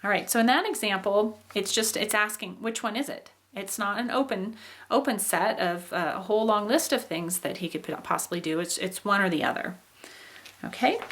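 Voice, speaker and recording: A woman's voice: medium pitch, fairly bright tone. A woman lecturing as a teacher, explaining step by step with fillers and reading out example sentences. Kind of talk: recorded lecture.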